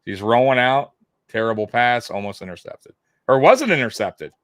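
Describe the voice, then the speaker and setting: A man of middle pitch co-hosts a live football watch party. He talks fast and loose, laughs easily and circles back on his points. The sound is close and dry. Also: no room sound. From half Italian heritage. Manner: animated, laughs often, repeats himself. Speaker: co-host of a sports watch-party stream. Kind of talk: casual live football chat.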